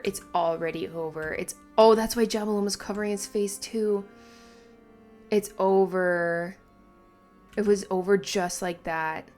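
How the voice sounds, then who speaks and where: A woman reacting excitedly and exclaiming as she reads through a manga chapter. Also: medium pitch, a little slow, faint music behind. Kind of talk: casual reaction commentary.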